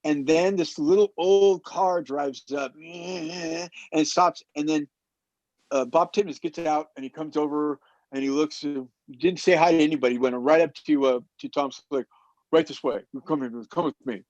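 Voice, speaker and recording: A lively storytelling man with a slightly higher voice than most, who slips into the voices of the people in his tale. The sound is dry and dull, with no room around it and little top end. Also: moderate pace, no room sound. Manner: animated storyteller who acts out quotes. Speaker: roundtable guest. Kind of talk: casual storytelling.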